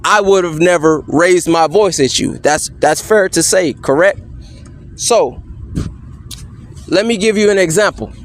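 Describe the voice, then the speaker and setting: A man cross-examining a police officer, firing off measured, insistent leading questions and tagging many with "correct?". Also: high voice. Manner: pointed leading questions, repeatedly asking "correct?". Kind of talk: courtroom-style cross-examination.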